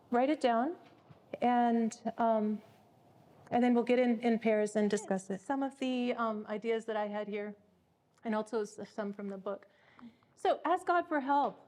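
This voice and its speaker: A woman's voice: high-pitched, darkish tone. A woman leading a parenting workshop, speaking earnestly and repeating words as she thinks. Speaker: workshop leader.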